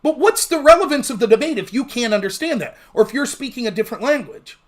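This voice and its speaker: Livestream host, male, high-pitched, rapid and blunt, swears freely. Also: expressive. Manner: fast-talking, blunt and profane. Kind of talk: casual livestream commentary.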